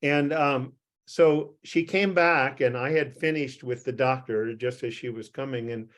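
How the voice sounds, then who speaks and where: A man's voice: mid-range voice, steady tone, a little slow, fairly bright tone. An older man, a physician, telling a rambling, self-deprecating anecdote to a group on a video call, with frequent restarts and chuckles.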